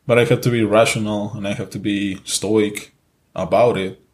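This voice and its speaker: A man with a Mexican accent speaks in a low, grounded voice. He co-hosts a casual podcast, talking earnestly and circling back over the same phrases, with casual swearing along the way. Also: fairly even intonation, moderate pace, darkish tone. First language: Spanish. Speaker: podcast co-host.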